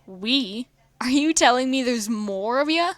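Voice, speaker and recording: A woman's voice: fairly high pitch, expressive, measured pace, fairly bright tone, no room sound. A woman voicing a feisty, cocky young woman in a read-aloud fan story. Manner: cocky, breezy. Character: feisty young woman, college student, fighter.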